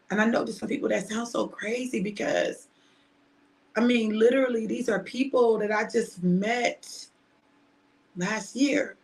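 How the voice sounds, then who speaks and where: A middle-aged woman preaching informally to her online audience, shouting and emphatic at times, then reflective and personal. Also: mid-range voice. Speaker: preacher and host.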